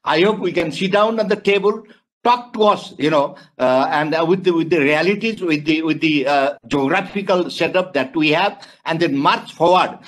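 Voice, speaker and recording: Male panelist, fairly high pitch, hesitant and searching for words, on a video call. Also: a bit bright. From Nepal. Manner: halting, searching for words, rhetorical questions. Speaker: webinar panelist. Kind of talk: panel discussion remarks.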